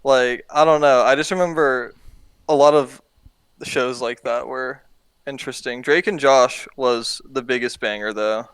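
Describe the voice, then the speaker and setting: Male host, relaxed slangy chatter, clear and dry mic sound. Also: medium pitch, a little slow, no echo, low-quality recording. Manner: chatty, swears freely, slangy. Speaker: podcast host. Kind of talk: casual podcast chat.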